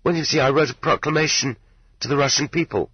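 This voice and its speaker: A timid young prisoner, played by a man speaks in a thin, lifted voice, hesitant and embarrassed. The hushed questions sound alarmed and shy. It comes from a dull, lo-fi tape recording of an audiobook. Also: mid-range voice, fast talker, husky, dry recording, voice pushed up, lightly acted.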